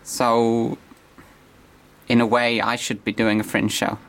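A man playing a deadpan, hesitant man who invented a posh stage character, as a guest on a comedy radio interview. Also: mid-range voice. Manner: halting, deadpan, slow and hesitant.

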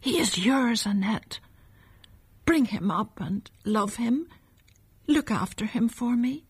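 A woman voicing a gentle dying mother who speaks in a faint, breathy whisper. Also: fairly high pitch, lively intonation, takes it slowly, no room sound, full character voice. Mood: tender, weak.

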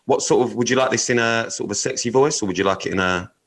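A man's voice: mid-range voice, fast, fairly bright tone, poor audio. A man co-hosting a casual podcast, swearing and joking as he reads out odd news stories. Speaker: podcast co-host.

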